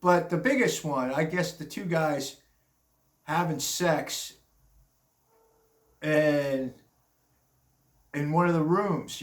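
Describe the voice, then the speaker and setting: A man's voice: on the high side, fairly bright tone. Rambling older man in an echoey room. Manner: rambling, blunt, chuckling asides. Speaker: commentary vlogger. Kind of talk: casual opinion monologue.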